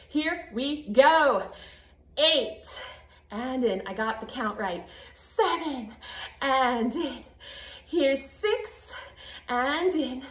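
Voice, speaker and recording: Upbeat high-voiced woman coaching a workout. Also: a bit bright. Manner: upbeat, encouraging, counting reps. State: out of breath. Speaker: fitness instructor. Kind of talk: guided workout instruction. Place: home garage. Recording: echoey garage.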